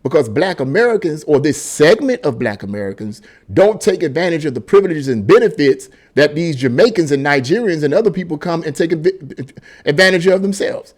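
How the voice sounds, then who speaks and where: A middle-aged man delivering an opinion monologue straight to his viewers. His voice sits a little higher than most men's. He talks emphatically and rambles, stumbling over restarts and repeated words as he works toward each point. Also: lively intonation, a little fast. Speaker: political commentary vlogger.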